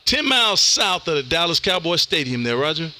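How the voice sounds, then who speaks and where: A man's voice: on the high side, very animated, a little fast, pushed and bright. A man, a ham radio operator chatting casually on air and calling CQ, laid-back and saying "man" a lot. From Texas. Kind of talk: casual radio chat and CQ calls.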